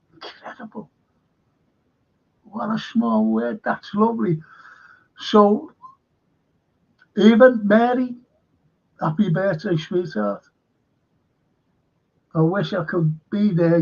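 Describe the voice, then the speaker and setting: A man's voice: sits high, vocal fry, husky. A man with a Liverpool accent hosting a casual livestream as a historian, chatting in a rambling way, swearing freely and reading out viewer comments. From Liverpool, England. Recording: dull lo-fi stream audio.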